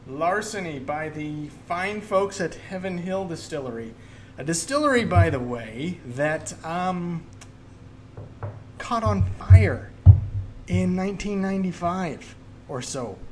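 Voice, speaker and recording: A man's voice: high voice, a little hiss or hum. Jokey, rambling male podcast host. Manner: jokey, rambling, with many fillers. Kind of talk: casual chat.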